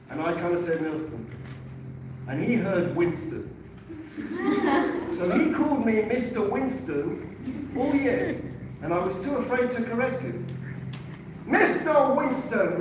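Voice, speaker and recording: A man in his fifties from England teaching a Torah class to students, earnest and animated, often repeating himself as he tells a personal story. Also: high voice. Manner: earnest, animated, self-correcting repetitions. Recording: echoey room, far from mic, noisy.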